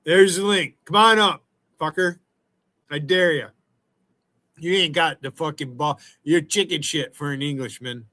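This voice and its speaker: Bright-voiced man taunting on stream. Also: on the high side, measured pace, poor audio. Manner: profane, taunting trash talk. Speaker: livestream host. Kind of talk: casual livestream chat.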